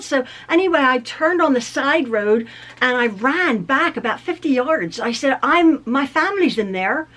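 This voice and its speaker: A woman's voice: high voice, lively intonation, measured pace, fairly bright tone. A middle-aged woman vlogging, telling a personal story in a chatty way, with frequent ums, restarts and self-mocking laughs. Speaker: quilting vlogger. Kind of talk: casual storytelling to camera.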